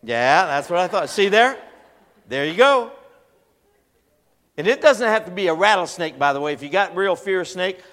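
A man preaching a storytelling sermon in a folksy, animated way, acting out voices as he tells stories. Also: high-pitched, moderate pace, long pauses. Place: large church hall. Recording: long hall reverb.

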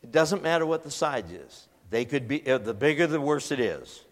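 A man preaching a storytelling sermon in a folksy, animated way, acting out voices as he tells stories. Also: mid-range voice, normal speed. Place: large church hall. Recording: long hall reverb.

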